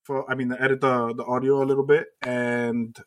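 Joking podcast host with a bright voice. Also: male voice, medium pitch, flat delivery, normal speed. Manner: joking, teasing, laughing. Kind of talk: casual chat.

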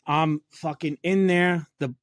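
A man with a high-pitched voice trades blunt, profane work stories in loose, casual chat. The sound is close and dry, with no room around him. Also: steady tone, takes it slowly, no echo. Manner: profane, storytelling, blue-collar banter.

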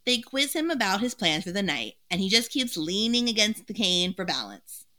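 Lively bright-voiced woman recapping a story. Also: mid-range voice, normal speed. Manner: animated storytelling, laughs often. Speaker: podcast co-host. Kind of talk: casual book recap with chat.

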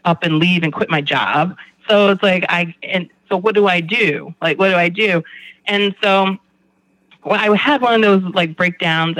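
Bright-voiced man talking candidly. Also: fairly high pitch, no room sound, rough recording. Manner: rambling, candid, swears. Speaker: guest in recovery. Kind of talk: candid conversation.

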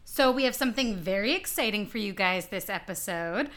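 A woman's voice: medium pitch, lively intonation, a little fast, fairly bright tone. A woman co-hosting a casual podcast, upbeat and enthusiastic as she introduces guests. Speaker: podcast co-host.

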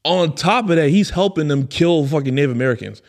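A man's voice: on the high side, expressive, a little fast, gravelly. A man co-hosting a podcast, telling a movie story in casual chat, laughing and acting out quotes. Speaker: podcast co-host.

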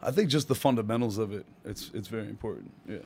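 A man's voice: on the low side, expressive, quick pace, creaky, a little mellow, breathy edge. A man, a stand-up comedian telling stories in a casual podcast chat, laid-back and full of slang, laughing often. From Rhode Island.

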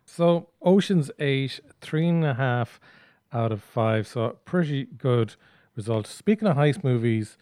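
A man co-hosting a casual chat, telling a relaxed anecdote. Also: mid-range voice, unhurried, hardly any pauses, clean tone, no echo. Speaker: co-host.

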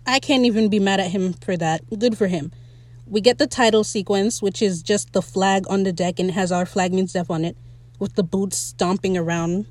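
A young woman hosting a casual solo podcast, chatty and excitable as she recaps a show. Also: mid-range voice, normal speed, dry recording. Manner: chatty, excitable, quotes characters in playful voices. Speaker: podcast host.

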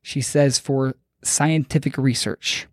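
A man's voice: mid-range voice, steady tone, slow, dry recording, studio quality. A man hosting a podcast, retelling a story in loose, profane, joking chat. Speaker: podcast host.

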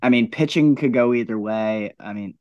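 A young man co-hosting a high school sports podcast, talking baseball in a plain, matter-of-fact way. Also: normal speed, dry recording, dull audio. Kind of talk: casual sports chat.

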